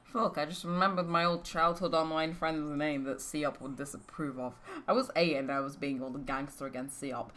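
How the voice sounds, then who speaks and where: Low-voiced rambling teenage girl vlogger. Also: fairly even intonation, moderate pace, few pauses, fairly bright tone. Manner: rambling, many ums and restarts, casual swearing. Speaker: YouTuber giving a channel update. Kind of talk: rambling casual vlog talk.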